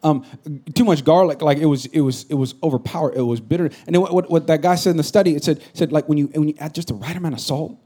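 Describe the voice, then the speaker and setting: A middle-aged man giving a sermon with a fairly high voice. He talks casually and jokes with the congregation, then rises into loud, emphatic bursts. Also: fast talker, few pauses. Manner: conversational, joking preacher with rising emphatic bursts. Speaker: pastor.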